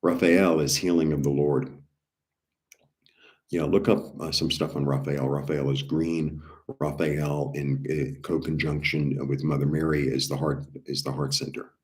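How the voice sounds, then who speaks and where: A man's voice: extremely low pitch, level tone, measured pace. A man giving a casual, rambling spiritual talk about healing, with many fillers and restarts. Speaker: spiritual healer.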